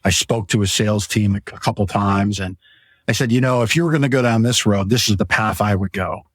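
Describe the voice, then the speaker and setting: Enthusiastic man pitching mattresses, dry sound. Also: brisk, no room sound. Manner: rambling, enthusiastic, pitches products. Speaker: podcast host and mattress store owner. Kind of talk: casual sales chat. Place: mattress store showroom.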